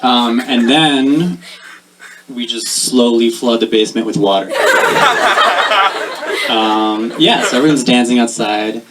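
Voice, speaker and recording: A young man doing a deadpan stand-up set, pausing often with ums. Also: mid-range voice, recorded from a distance. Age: young adult. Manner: deadpan, halting with many ums. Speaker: stand-up comedian. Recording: noisy live recording.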